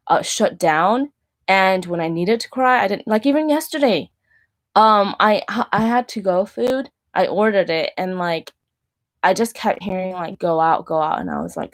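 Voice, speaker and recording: A woman in her thirties, the show's host, talking candidly about faith and dating and leaning often on "like". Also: lowish voice. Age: 30s. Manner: candid, heavy use of "like". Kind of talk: personal faith talk.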